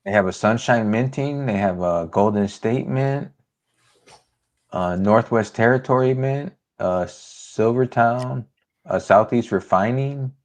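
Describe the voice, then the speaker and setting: A man co-hosting a livestream in casual chat, calmly reading out listings and viewer comments. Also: medium pitch, takes it slowly. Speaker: co-host of a precious metals livestream.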